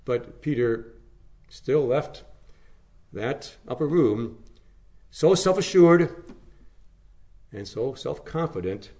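Guy giving a sermon, voice all over the place, loud then hushed. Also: animated, slow pace, pauses often. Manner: storytelling, swings from raised emphasis to hushed low phrases. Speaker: preacher.

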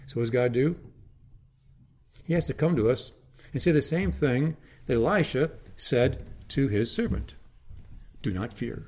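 A man preaching a sermon in a dramatic way, with emphatic pauses and sudden drops to a hush. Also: mid-range voice.

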